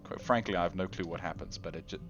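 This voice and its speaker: A man's voice: low voice, quick pace, dull audio, faint music behind. A man hosting his gaming channel, rambling in casual gameplay commentary, self-deprecating and talking straight to the viewer.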